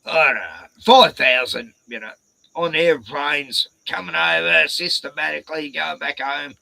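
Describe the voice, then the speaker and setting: A man's voice: fairly high pitch, measured pace, gravelly, bright, forceful tone, dry recording, rough recording. An Australian man chatting casually, rambling through anecdotes with local slang. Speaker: host. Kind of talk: casual chat.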